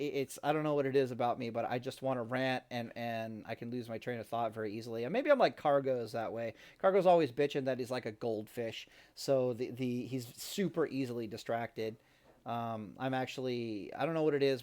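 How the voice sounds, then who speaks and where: A man's voice: medium pitch, lively intonation, a little fast. A man ranting in a casual home-recorded monologue, profane and rambling, often restarting his sentences. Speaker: gaming vlogger. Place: home near a kitchen.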